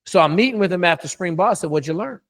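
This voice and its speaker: A man's voice: sits high, expressive, racing. A middle-aged man, a coach, telling a story in a casual interview, blunt and profane with lots of emphasis.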